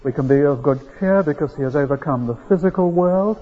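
This sermon comes from a middle-aged man whose voice runs on the high side, brisk and edged with breathiness. He preaches conversationally, weaving stories and letting his emphasis climb, though the lo-fi recording sounds dull.

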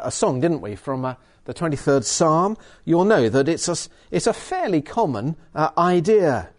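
A man preaching a sermon and reading from the Bible, emphatic with hesitant fillers. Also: on the high side.

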